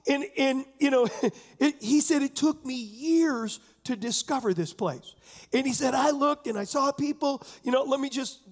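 A man's voice: very high voice, moderate pace. A man pastor preaching a conversational sermon, often asking the congregation questions. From San Diego area.

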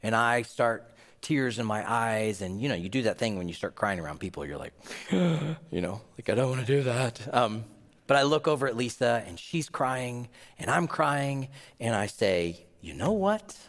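A man's voice: medium pitch, expressive, moderate pace, a bit bright, in a large hall. A man, a pastor, preaching an earnest, emphatic sermon in a church and closing with a prayer.

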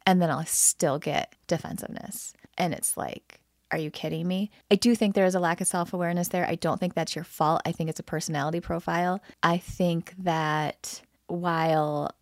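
A woman co-hosting a podcast speaks frankly and emphatically with her partner, often repeating phrases for stress, in a candid couple conversation. Her lowish voice holds a steady tone at a moderate pace. The studio sound is clean, with no room sound.

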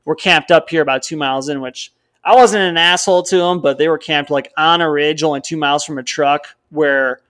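A young man from Wisconsin tells a long hunting story in a loose, rambling way, fairly high-pitched, and acts out bits of dialogue as he goes. He co-hosts a podcast and talks casually. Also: fairly quick. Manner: rambling storyteller, animated, quotes others in dialogue. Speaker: podcast co-host.

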